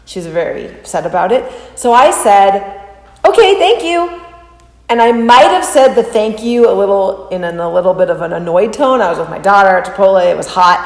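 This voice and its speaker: A woman in her thirties hosting a reaction video, telling a personal story with animated delivery and acting out other people's voices. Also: medium pitch, brisk, creaky. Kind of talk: casual reaction commentary. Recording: roomy, echoey room.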